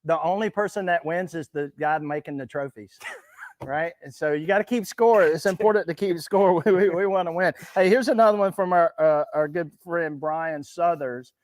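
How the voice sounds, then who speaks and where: A man's voice: a little high, moderate pace. A man co-hosting a podcast in casual chat, upbeat and encouraging. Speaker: podcast co-host.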